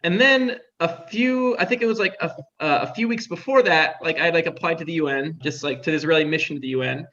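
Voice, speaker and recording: Fast-talking young man telling stories. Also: fairly high pitch, sharp tone. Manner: chatty, heavy use of "like" fillers. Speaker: interview guest. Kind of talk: casual storytelling. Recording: dull lo-fi sound.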